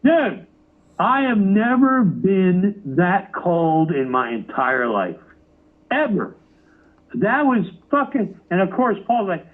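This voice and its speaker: Male rock musician, animated and profane, high voice; thin phone-line sound. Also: slow pace. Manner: swears freely, acts out quotes. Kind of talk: animated storytelling interview. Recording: phone-like narrow audio.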